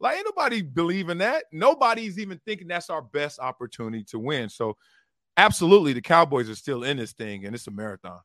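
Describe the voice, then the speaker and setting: A man in his thirties, a former pro football player turned broadcaster, telling stories in a casual interview with lively, slangy talk. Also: fairly high pitch, fast, no room sound, clean studio sound. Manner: animated, slangy, acts out quotes with shifting voices.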